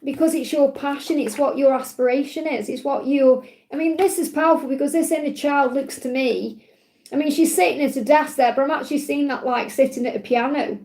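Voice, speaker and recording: A woman's voice: high voice, fairly quick, a little mellow, roomy sound. A woman hosting a spiritual live stream, talking in a heartfelt, rambling way with plenty of fillers. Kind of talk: emotional live-stream talk.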